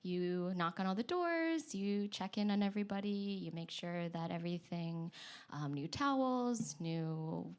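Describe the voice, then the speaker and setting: A woman's voice: on the low side, animated, a little slow, smooth. A woman telling a personal story on stage at a story slam, chatty and self-deprecating, laughing often between lines. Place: stage at a live story event.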